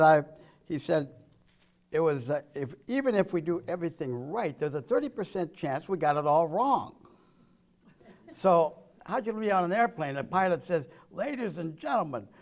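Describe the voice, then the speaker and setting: A man giving a political speech full of jokes and one-liners, chuckling at his own punchlines and swinging between loud quips and low, muttered asides. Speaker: political speaker. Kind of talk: joke-filled political speech.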